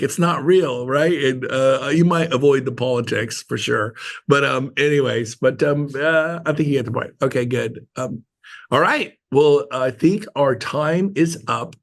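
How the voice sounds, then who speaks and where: A man's voice: medium pitch, moderate pace. A middle-aged man leading a team meeting on a video call, talking casually in a rambling, joking way. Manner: rambling, joking, animated storytelling.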